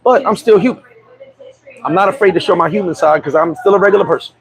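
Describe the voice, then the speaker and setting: On his vlog, a middle-aged man recounts something personal and candid in a streetwise way, his high-pitched voice moving at a quick pace. He restarts, repeats himself, and leans on "you know what I'm saying" again and again. The audio is poor, and a loud crowd chatters behind him.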